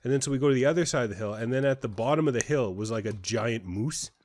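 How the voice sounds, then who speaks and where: A man's voice: mid-range voice, fast, a little mellow. A young man co-hosting a casual game playthrough, chatty and rambling as he tells stories. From Canada. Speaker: gaming co-host. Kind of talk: casual gameplay chat.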